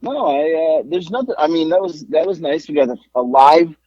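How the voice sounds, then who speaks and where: Husky-voiced man joking over a muffled phone line. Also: fairly high pitch, moderate pace, darkish tone, no echo. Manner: self-deprecating, rambling with restarts. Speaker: podcast co-host. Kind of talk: casual banter. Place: out shopping, calling in by phone.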